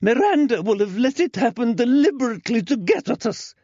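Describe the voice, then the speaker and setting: A man narrating an audiobook, voicing an indignant, wailing middle-aged woman in a shrill raised voice. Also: big pitch swings, brisk, warm tone, dry recording. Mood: outraged. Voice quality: shrill, high-pitched. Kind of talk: audiobook character voice. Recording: dry, slightly dull.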